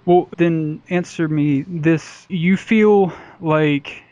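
A man's voice: on the high side, very slow, a little mellow, dry recording, muffled recording. A man hosting a comedy podcast, joking crudely and leading the chat with pointed questions. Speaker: podcast host. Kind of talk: casual podcast banter.

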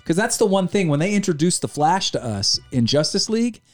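A man's voice: high voice, big pitch swings, a little fast, faint music behind. A man co-hosting a podcast, casually recapping a movie, acting out scenes and laughing, with light swearing. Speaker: podcast co-host. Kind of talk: casual movie review chat.

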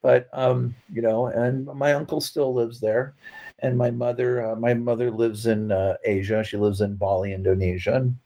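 A middle-aged man chats through his family memories at an easy, mid-pitched level. He rambles, restarts his sentences and fills gaps with "um" and "you know." He breaks into laughs at his own punchlines. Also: little pitch movement, moderate pace, mellow, rough recording. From California. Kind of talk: casual storytelling.

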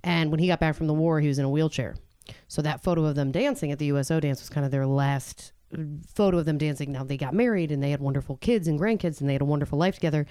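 A woman in her thirties performing a stand-up comedy set on a club stage, brash and animated, jumping into high exasperated outbursts. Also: quick pace, few pauses, clear, resonant tone, dry recording. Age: 30s. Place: comedy club stage before a live audience.

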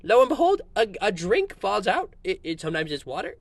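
A man voicing an old male retiree who stammers and rambles, fussy and excitable. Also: sits high, a little fast, gravelly, no room sound, heavily acted. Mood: rambling. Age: older.

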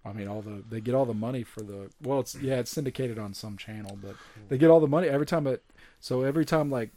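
A man's voice: mid-range voice, fast, a little hiss or hum. A young man chatting casually about films and actors, telling stories and acting out what people said. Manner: animated storyteller, jumps into quoted voices. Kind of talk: casual chat.

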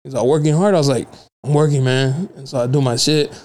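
A man's voice: medium pitch, fast talker, a little mellow. A man hosting a podcast, telling stories in a loose, slangy and profane way in a casual chat. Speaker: podcast host.

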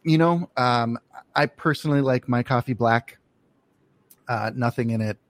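A man's voice: medium pitch, measured pace. A man hosting a casual interview, talking with many fillers and restarts as he asks questions. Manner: hesitant, lots of fillers and restarts. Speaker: podcast host.

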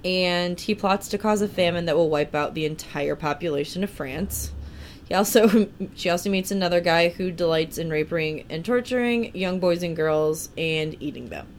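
Low-voiced woman chatting on a podcast. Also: normal speed, slight background noise. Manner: profane, laughing, reads questionnaire answers aloud. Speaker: podcast co-host. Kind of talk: casual chat.

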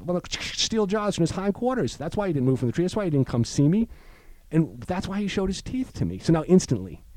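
Man, casual storytelling, animated, acts out voices, mellow tone, dry close sound. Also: a little high, dry recording. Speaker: guest in recovery.

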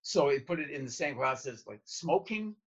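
A man's voice: a little high, animated, normal speed, husky. A male podcast host who speaks hesitantly, with stammering starts. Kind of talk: podcast conversation. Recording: dull lo-fi sound.

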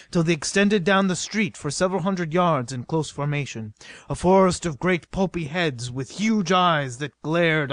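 A man reading an adventure novel aloud as narrator, with a steady, dramatic delivery. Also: on the high side, no room sound. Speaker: audiobook narrator.

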